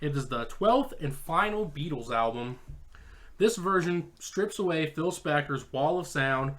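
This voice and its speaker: A man's voice: a little high, animated, fairly bright tone. A man co-hosting a casual podcast, reading his notes on an album and joking with friends while chewing an apple. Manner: joking, profane, reads notes quickly. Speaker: podcast co-host. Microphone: home podcast mic, eating apple.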